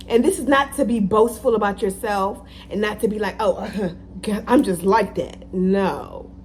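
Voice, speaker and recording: Woman vlogger, animated motivational talk, repeats lines for emphasis, faint hum behind. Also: mid-range voice. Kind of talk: casual motivational talk to camera.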